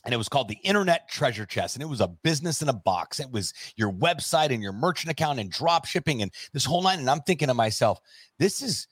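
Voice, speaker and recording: A man's voice: medium pitch, quick pace, husky, dry recording, clean studio sound. A man in his forties from Miami, telling his career story as a podcast guest and acting out the voices of people he quotes. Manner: animated storyteller who acts out quoted voices. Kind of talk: casual storytelling interview.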